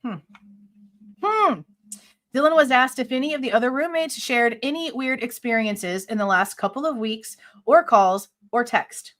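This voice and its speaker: A woman with a fairly high, fairly bright voice talks at a moderate pace with hardly any pauses. On her live true crime reaction show she reads from a police report, then bluntly disputes it, casually cursing and sounding exasperated and deeply skeptical.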